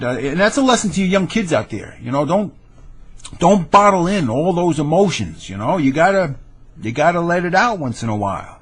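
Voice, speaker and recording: A man's voice: fairly high pitch, husky. A brash man rants to camera in a rambling webcam monologue, often stammering and restarting. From New York area. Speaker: video blogger.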